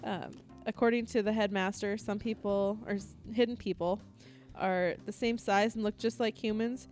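A woman's voice: mid-range voice, fairly even intonation, normal speed, a little mellow, faint music behind. Chatty woman reading quirky news. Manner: chatty, laughing, reads from printed notes with fillers. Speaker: news segment presenter on a casual show. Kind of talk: casual comedic news reading.

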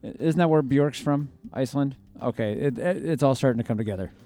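A man's voice: medium pitch, mellow, faint music behind. A man hosting a casual talk show, introducing segments and cutting in with teasing remarks. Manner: quick, teasing interjections. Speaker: show host. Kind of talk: casual radio-style banter.

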